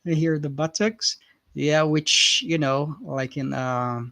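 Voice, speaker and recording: A man's voice: on the high side, takes it slowly, gravelly, sharp tone. A man teaching a live online English class, patiently repeating words and checking in with "right?" again and again.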